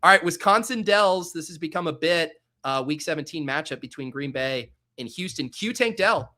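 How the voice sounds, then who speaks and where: A man from Denver who hosts a casual podcast, energetic and jokey as he reads out the prompts. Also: a little high, moderate pace. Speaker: host.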